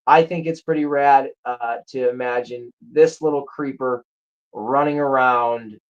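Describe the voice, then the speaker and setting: Enthusiastic rambling host, casual chat, mid-pitched voice, slightly muffled lo-fi recording. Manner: rambling, enthusiastic, with self-corrections. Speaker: show host reviewing a movie.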